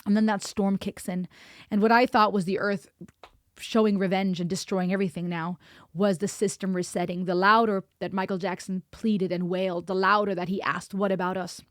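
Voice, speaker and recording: A woman's voice: mid-range voice, little pitch movement, normal speed, no echo, studio quality. A woman hosting a music reaction video, talking in an earnest, impassioned way and repeating lines for emphasis. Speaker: music reaction channel host.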